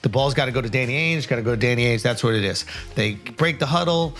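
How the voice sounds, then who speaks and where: A man telling a sports story with a quick, building delivery, checking in with listeners as he goes. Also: medium pitch, expressive, a bit bright. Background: music.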